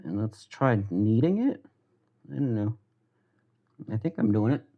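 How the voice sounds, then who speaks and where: A young American man livestreams from his home kitchen, cooking while he chats loosely, rambles, swears casually and pokes fun at himself. His voice sits on the low side and moves a little slowly, and the audio from his headphone mic sounds narrow and tinny.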